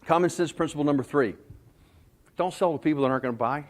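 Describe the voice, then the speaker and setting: A man's voice: on the high side, fast. A man from North Carolina giving a sales talk at a conference, telling folksy anecdotes and stories to a live audience. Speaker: sales trainer. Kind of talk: conference presentation.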